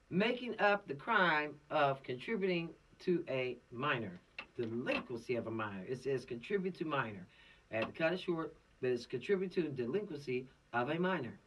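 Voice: medium pitch, a bit bright, distant mic. A law course instructor giving an informal, preachy lecture with streetwise slang.

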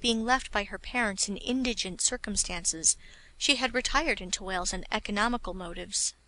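A woman narrating a classic story as an audiobook, in a measured, clear reading. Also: mid-range voice, pushed and bright.

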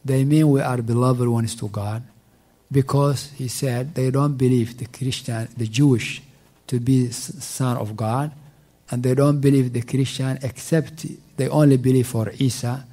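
Male teacher at a mosque, mellow tone, halting and repetitive delivery, quick recitation. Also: medium pitch, steady tone. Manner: halting, repeats words while searching for them; recites verses in quick Arabic, then translates slowly. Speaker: teacher explaining Quran commentary. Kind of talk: mosque tafsir class.

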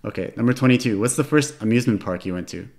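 A man's voice: mid-range voice, animated, racing, darkish tone. Male podcast host, list-reading interviewer, easygoing. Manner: reading numbered questions, brief friendly replies. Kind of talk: casual interview questions.

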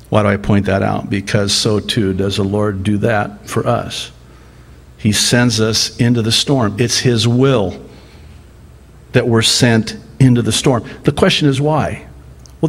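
A male pastor preaching a sermon, telling a Bible story with deliberate emphasis, rising sharply for dramatic quoted lines and chuckling now and then. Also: lowish voice.

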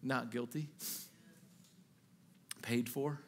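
A man with a high-pitched voice preaching an impassioned sermon. He swings from loud rhetorical questions to soft, hushed asides, repeating phrases and restarting sentences as he goes. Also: unhurried. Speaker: pastor.

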